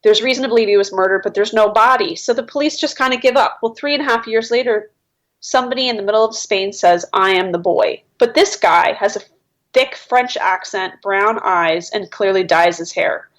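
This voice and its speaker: A woman guest on a podcast, telling stories in animated, enthusiastic casual chat. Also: medium pitch, moderate pace.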